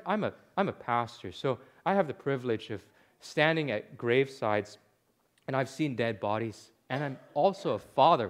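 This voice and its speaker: A man who is a pastor, preaching an impassioned sermon with emphatic, deliberate lines. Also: a little high.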